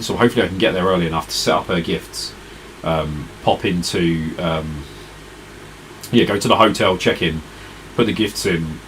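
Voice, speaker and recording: A man's voice: low-pitched, fairly bright tone, a little hiss or hum, poor audio. A tired man streaming retro games, chatting casually and rambling to his viewers. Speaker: retro gaming live streamer. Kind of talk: casual live-stream chat.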